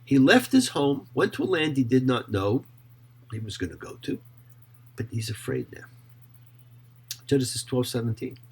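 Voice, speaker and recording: Breathy, animated man teaching scripture. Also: medium pitch, moderate pace, pauses often. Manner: expressive, emphatic delivery with rhetorical questions. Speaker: rabbi. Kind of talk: Torah teaching.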